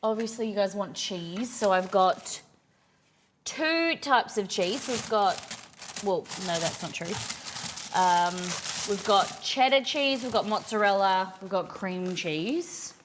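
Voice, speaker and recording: A woman's voice: mid-range voice, animated, slow pace, noisy background. A young woman hosting a cooking livestream, chatting casually and rambling as she reads her viewers' messages aloud.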